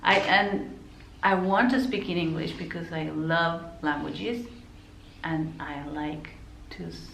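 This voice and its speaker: A woman's voice: low-pitched, takes it slowly, gravelly, fairly bright tone, echoey room, a little hiss or hum, poor audio. A woman from Argentina with an Argentine Spanish accent, a counselor talking casually to the camera, chatty, often laughing and making apologetic asides. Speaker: counselor and vlogger. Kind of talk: casual to-camera vlog talk. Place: indoor room, not her usual spot.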